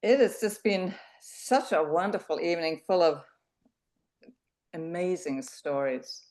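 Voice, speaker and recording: A woman's voice: on the low side, lively intonation, unhurried, a little mellow. A woman hosting a storytelling evening, effusive in her praise of the teller. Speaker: event host. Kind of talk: warm thanks after a story.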